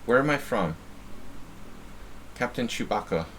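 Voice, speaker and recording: A man's voice: medium pitch, animated, unhurried, fairly bright tone, slight background noise. A man from New Jersey giving casual live-stream chess commentary, thinking aloud and often repeating words as he muses. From New Jersey, USA.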